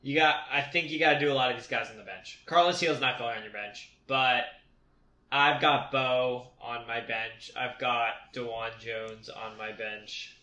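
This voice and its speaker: A young man chats on a podcast with a bright, forceful tone, sure of his opinions and playfully cocky. The sound is roomy, with echo off the walls. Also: medium pitch, steady tone, unhurried. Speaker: podcast host. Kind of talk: casual podcast chat.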